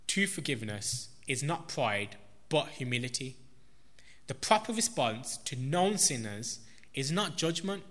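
A man preaching a sermon in a slow, emphatic way, stressing repeated words. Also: fairly high pitch, a bit bright. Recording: long reverb of a large hall.

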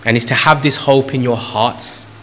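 A man's voice: mid-range voice, steady tone, normal speed, bright, forceful tone. A man preaching a sermon in an earnest way, repeating phrases for emphasis and lifting his voice on key points.

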